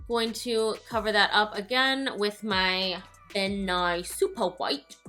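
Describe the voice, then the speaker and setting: A woman's voice: mid-range voice, bright, forceful tone. A young woman hosting a casual makeup tutorial, playful and jokey. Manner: playful, jokey, slips into silly voices. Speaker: makeup vlogger.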